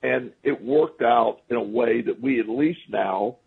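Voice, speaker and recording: Male radio guest, raspy and gravelly, loose rambling storyteller, phone-quality audio. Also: medium pitch, a little slow. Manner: rambling, restarts often, chuckles at his own stories. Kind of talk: casual storytelling on a talk radio show. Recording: phone-line radio call.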